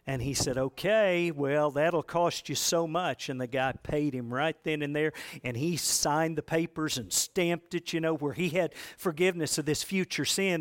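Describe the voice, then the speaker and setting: A man delivers a sermon on church history in a somewhat high voice. He tells it like a story, rising loud for the dramatic parts and sinking low to drive a point home. He keeps asking his congregation questions. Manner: asks the congregation rhetorical questions. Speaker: preacher teaching church history.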